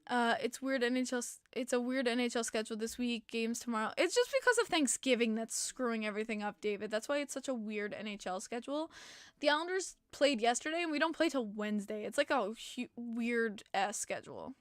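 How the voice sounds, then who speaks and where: Speaking a little fast with lively intonation, this young woman has a fairly high, clean-toned voice in a dry recording. As host of a casual hockey podcast stream, she's a tired, yawning but chatty and opinionated fan reading out chat comments.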